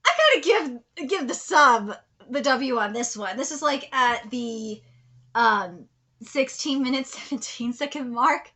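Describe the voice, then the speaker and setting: A high-pitched woman with a bright, sharp-edged voice gives casual live reaction commentary. She swings from muttered asides to loud exclaiming, swears freely and laughs often. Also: animated, a little slow. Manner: frank and profane, laughs often. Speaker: anime reaction streamer.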